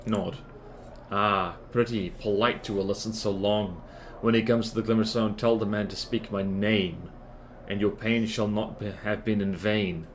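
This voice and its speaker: A man's voice: on the low side, fairly even intonation, a little slow, a little hiss or hum, natural voice. A man voicing an ancient, cryptic hag in a put-on Scottish accent, speaking in riddles with twisted word order. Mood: cryptic, coaxing. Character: ancient cackling hag crone, cryptic and possessive.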